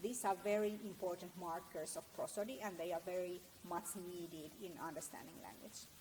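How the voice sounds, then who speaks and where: A middle-aged woman giving a guest lecture at a university, explaining in a measured way with frequent fillers and restarts. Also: fairly low pitch, steady tone, noisy background. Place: lecture room.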